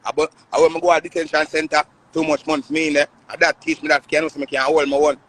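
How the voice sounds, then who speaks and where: A man's voice: on the high side, flat delivery, fast, fairly bright tone. Emphatic Jamaican Patois man, thirties. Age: 30s. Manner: emphatic, repetitive, boastful. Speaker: live streamer. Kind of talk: casual live-stream rant.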